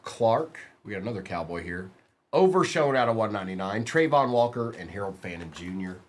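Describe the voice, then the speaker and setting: Lively man hosting a card break. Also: on the low side. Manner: rapid name-reading, teasing viewers, bursts of excitement. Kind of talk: live-stream card break commentary.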